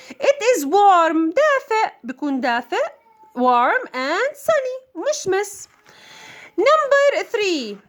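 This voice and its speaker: A woman teaching an English lesson, repeating words and answering her own questions. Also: extremely high pitch. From Jordan. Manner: drills words by repeating them, asks questions and answers them herself. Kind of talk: bilingual classroom lesson.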